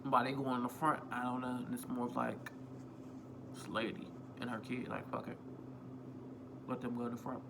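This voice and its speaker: A man vlogs a casual storytime on his phone, rambling, repeating himself and swearing freely. His mid-range voice holds a level tone at normal speed, with vocal fry and long pauses, and there is background noise.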